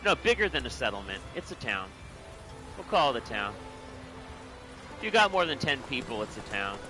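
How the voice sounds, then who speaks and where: A man chatting excitedly to viewers while playing a video game. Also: medium pitch, moderate pace, music in the background. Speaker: game streamer. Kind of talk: casual gameplay commentary.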